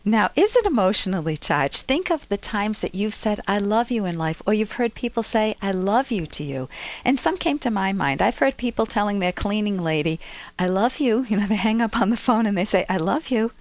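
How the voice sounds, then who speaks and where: A woman co-hosting a relationship podcast, musing in a chatty, animated way. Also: mid-range voice, brisk, no room sound. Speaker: podcast co-host. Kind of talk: conversational commentary.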